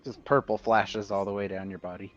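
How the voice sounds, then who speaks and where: A man's voice: fairly low pitch, level tone, a little fast, highs cut off, faint music behind. A man playing in a tabletop game, describing his character's actions. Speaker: player. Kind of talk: casual tabletop role-play.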